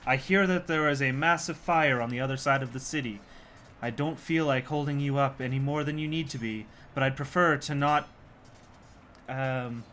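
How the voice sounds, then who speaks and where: A man voicing a calm, courteous woman adventurer in a tabletop game, speaking in measured, halting sentences. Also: medium pitch, a little hiss or hum, lightly acted.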